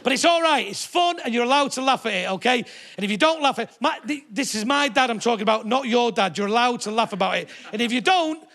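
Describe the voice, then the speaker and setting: A man's voice: very high-pitched, expressive, fast talker. A middle-aged man doing a brash, sweary stand-up routine, telling stories to a live theatre audience. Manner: brash, sweary storytelling with shouted put-on voices. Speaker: stand-up comedian.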